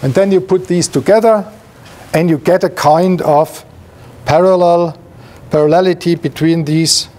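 A man's voice: high-pitched, a little slow, a little mellow. A male professor giving an academic seminar lecture, explaining while pointing at slides, with frequent fillers and restarts.

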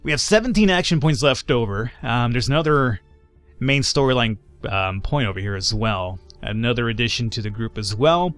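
A man's voice: medium pitch, lively intonation, normal speed, fairly bright tone, soft background music. A man casually commenting on and reading out a video game, offhand and joking, swearing often.

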